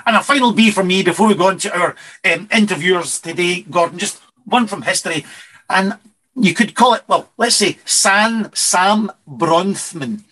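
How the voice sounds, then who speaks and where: Bright-voiced rambling male whisky host. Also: high voice, moderate pace, low-quality recording. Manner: rambling, self-correcting storyteller. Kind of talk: casual radio chat.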